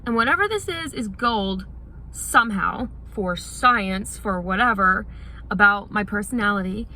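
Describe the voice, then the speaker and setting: A woman's voice: medium pitch, animated, unhurried, bright, forceful tone, a little hiss or hum, rough recording. A young woman venting to the camera in a frustrated, rambling way, full of "like" fillers. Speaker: vlogger.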